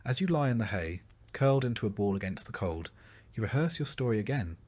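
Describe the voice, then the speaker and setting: Male narrator, slightly low voice, slow and soothing bedtime-story read. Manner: slow, soft and calm. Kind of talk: scripted sleep-story narration.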